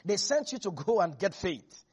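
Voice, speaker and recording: A preacher giving an animated sermon, repeating lines for emphasis and laughing often. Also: medium pitch, normal speed, slightly rough. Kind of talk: lively sermon.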